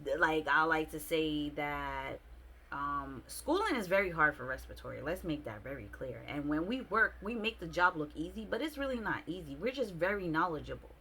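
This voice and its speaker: Young woman vlogger, lowish voice, slangy casual storytelling. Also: moderate pace, a little hiss or hum. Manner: expressive, slangy, lots of "like".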